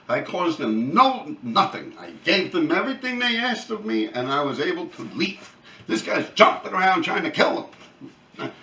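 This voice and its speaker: A man, telling profane, animated street stories on his own channel. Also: fairly high pitch, recorded from a distance. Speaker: channel host. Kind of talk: casual storytelling. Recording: echoey room, off-mic.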